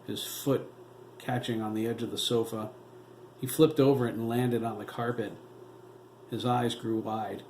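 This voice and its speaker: A man, the author, reading his novel aloud as steady audiobook narration. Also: fairly low pitch. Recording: roomy echo, faint noise.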